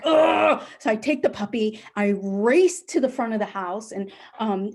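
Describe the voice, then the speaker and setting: A middle-aged woman telling a personal story on a live stage, animated and acting out the people she quotes. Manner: animated, acts out quoted voices with big pitch jumps.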